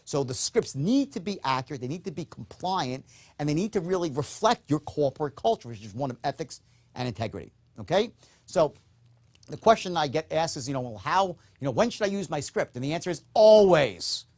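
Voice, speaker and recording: A man's voice: on the high side, big pitch swings, fairly quick, darkish tone. Emphatic man giving a sales lecture. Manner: emphatic, repeats "okay?" to check in; acts out upbeat and dull tones in demonstrations. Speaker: sales trainer. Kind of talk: recorded sales course lecture.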